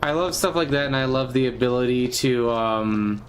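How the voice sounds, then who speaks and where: A man's voice: normal speed, slight background noise, low-quality recording. Rambling playful male streamer. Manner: rambling and playful, many fillers, bursts into squeaky silly voices. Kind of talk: casual gaming stream chat.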